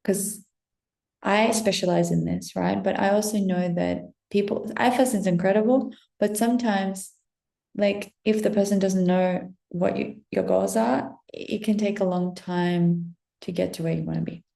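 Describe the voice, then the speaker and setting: Gravelly-voiced woman giving a pep talk. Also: medium pitch, fairly even intonation, mellow, echoey room. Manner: encouraging, asks rapid rhetorical questions; casual, swears now and then. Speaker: coach. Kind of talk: motivational pep talk to camera.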